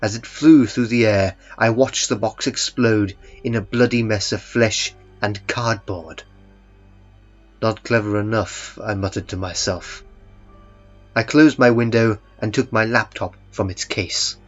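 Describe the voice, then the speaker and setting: A man reading a first-person horror story in a calm, dry, understated way. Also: fairly low pitch, measured pace, few pauses. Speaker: narrator. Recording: muffled, with faint music beneath.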